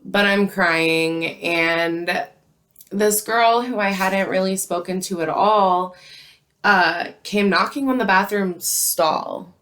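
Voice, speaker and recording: A woman's voice: mid-range voice, a bit bright. A young woman telling a casual storytime vlog about her job, chatty and full of "like" fillers. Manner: chatty, frequent "like" fillers, unhurried. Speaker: vlogger telling a work story.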